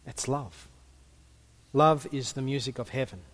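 A man's voice: mid-range voice, measured pace, fairly bright tone. A man preaching a sermon in a conversational way, with humorous asides and a few stumbles.

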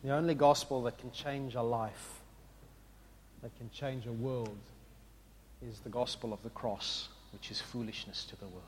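A man preaching a sermon, with an impassioned delivery that swings from quiet reflection to loud exclamation. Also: medium pitch, steady tone, measured pace, a little hiss or hum. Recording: long hall reverb.

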